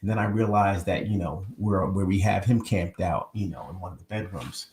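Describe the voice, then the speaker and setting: In an echoey room with a noisy background, a man with a low voice talks at a moderate pace. He's hosting a live online show from home on a new microphone, rambling casually to his viewers.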